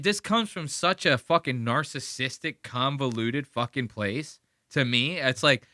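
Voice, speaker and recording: Podcast host guy, bright and sharp, swears a lot, says like constantly, dry close mic. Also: mid-range voice, clear, resonant tone, no room sound. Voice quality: animated, profane, heavy use of "like". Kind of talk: casual podcast rant.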